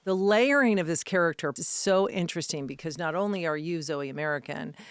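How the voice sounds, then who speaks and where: A woman hosting an interview, enthusiastic and quick with short replies. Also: sits low, clean tone, dry recording, clean studio sound. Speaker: interview host. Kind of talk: casual interview chat.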